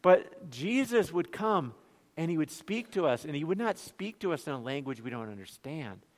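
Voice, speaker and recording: Brief: Minnesotan-accented male pastor, fairly high voice, chatty sermon, long church reverb. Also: big pitch swings, normal speed. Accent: Northern Minnesotan. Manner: conversational, rhetorical questions, joking asides.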